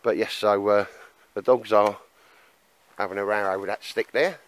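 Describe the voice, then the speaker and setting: Male bushcraft vlogger, low-pitched, casual and jokey, outdoors in the woods. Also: fairly even intonation, moderate pace, rough recording. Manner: chatty, laughs often, calls everyone mate. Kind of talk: casual outdoor chat to camera. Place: outdoor woodland camp in rain.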